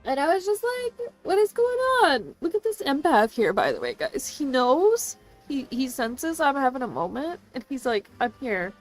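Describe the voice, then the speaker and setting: A woman streamer telling a story to her chat in an animated way, swearing freely and laughing often. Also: high-pitched, normal speed, faint music behind. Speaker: game streamer.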